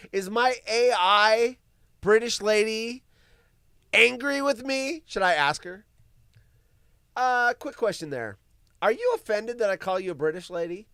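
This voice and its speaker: A man's voice: high-pitched, clear, resonant tone, no room sound, clean studio sound. A man hosting a live stream, riffing on news stories with wisecracks and swearing. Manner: animated and wisecracking, swears freely. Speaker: livestream host. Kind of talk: casual live-stream commentary.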